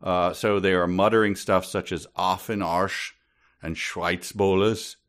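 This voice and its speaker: A man's voice: sits low, steady tone, measured pace, a bit bright. A man co-hosting a casual book podcast, delivering dry, sardonic complaints about the book. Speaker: podcast co-host.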